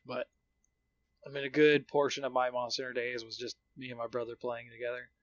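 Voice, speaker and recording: A man's voice: mid-range voice, completely flat delivery, fairly quick, dull audio. A man co-hosting a podcast, telling stories in casual chat and laughing often. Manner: chatty storytelling, laughs often. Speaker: podcast co-host.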